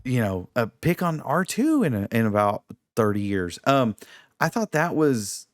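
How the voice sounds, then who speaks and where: Animated man ranting, dry close sound. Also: medium pitch, moderate pace, dry recording. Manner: animated, mocking impressions. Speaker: podcast co-host. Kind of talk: casual review chat.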